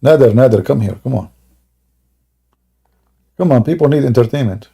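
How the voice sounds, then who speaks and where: A male live-stream host with a gravelly, husky voice who taunts and mocks, often jumping into loud, high exclamations. His English grammar is broken. He sounds dark and gritty. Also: lively intonation, moderate pace. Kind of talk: mocking live-stream commentary.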